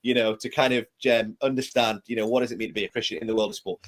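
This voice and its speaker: A man's voice: fairly low pitch, fairly even intonation, rapid-fire. A man hosting a podcast interview, friendly and casual, leaning on fillers like "you know" as he asks his questions. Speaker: podcast host.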